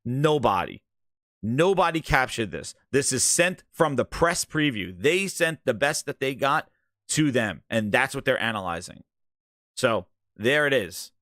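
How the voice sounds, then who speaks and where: A man's voice: mid-range voice, very animated, a little slow, a bit bright, dry recording, studio quality. A man hosting a gaming channel, ranting in exasperated, sarcastic commentary over a video clip.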